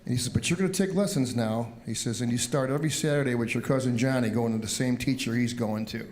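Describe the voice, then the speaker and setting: Animated older man telling stories. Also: mid-range voice, fast. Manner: animated storyteller, acts out quotes. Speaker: interview guest, musician. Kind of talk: storytelling interview.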